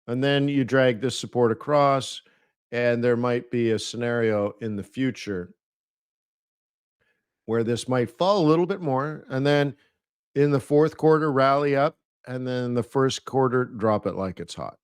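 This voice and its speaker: A man's voice: medium pitch, measured pace, clean tone. A man hosting a live trading webinar, chatty and playful, laughing at his own jokes and mimicking people in mock voices.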